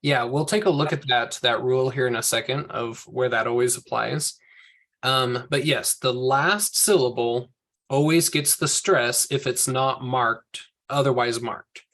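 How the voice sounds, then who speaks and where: A man's voice: medium pitch, unhurried, fairly bright tone. A man teaching a group language lesson, explaining patiently step by step and correcting himself as he goes. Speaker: Hebrew teacher.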